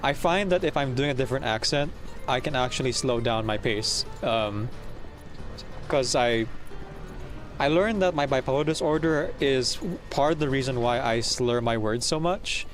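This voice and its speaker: A man's voice: mid-range voice, measured pace, soft background music. A man streaming a game, chatting casually in a rambling way and correcting himself as he goes. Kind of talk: casual chat while playing a game.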